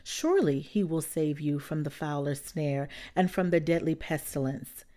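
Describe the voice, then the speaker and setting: A woman giving a measured, earnest Bible reading. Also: deep voice, mellow. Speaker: Bible reader. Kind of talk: scripture reading.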